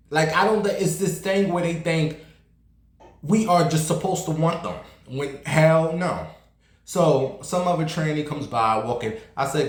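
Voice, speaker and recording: A man telling a story in a casual vlog, in a sassy, blunt, animated way. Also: fairly high pitch, measured pace, echoey room.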